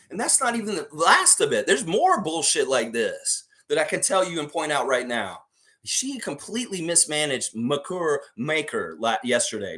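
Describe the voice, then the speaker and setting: A man hosts a live sports commentary stream and rants hotly, full of swearing and rhetorical questions. His pitch swings widely from low grumbles to high outbursts. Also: pushed and bright. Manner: profane, heated ranting with rhetorical questions. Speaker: sports channel host. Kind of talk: livestream sports commentary rant.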